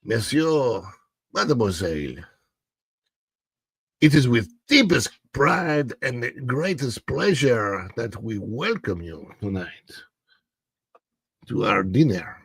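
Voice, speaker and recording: A man voicing a grand French maître d' with a put-on French accent, speaking slowly and theatrically. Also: mid-range voice, big pitch swings, gravelly, a bit bright, slightly rough, no room sound, exaggerated voice. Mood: grandly welcoming. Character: grand male French maître d' welcoming guests.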